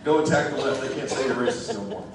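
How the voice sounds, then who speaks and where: Speaking fast with a steady tone and medium pitch, a male candidate rallies a church-hall crowd with a folksy, humorous campaign speech. A distant mic captures the echoey hall along with heavy background noise.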